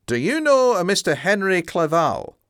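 A man's voice: high voice, sing-song, normal speed, fairly bright tone, clean tone, no echo, clean studio sound, pitched above the performer's own voice, heavily acted. A man reading a storybook aloud, voicing a stern and worried policeman in a slightly raised, earnest tone. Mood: grave.

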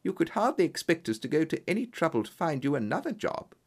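A curt, sharp agency woman, as a reader voices her. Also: mid-range voice, sing-song, fast. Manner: sharp and dismissive. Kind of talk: storybook reading.

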